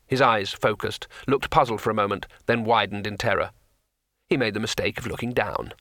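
Man reading a fantasy audiobook, bright forceful voice, super dry close mic. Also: mid-range voice, animated, a little fast, no room sound. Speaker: narrator.

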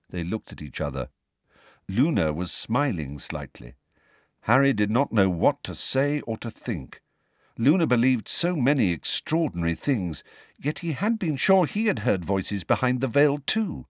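A man narrating a novel as an audiobook, with expressive, varied storytelling. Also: deep voice, moderate pace, dry recording, clean studio sound.

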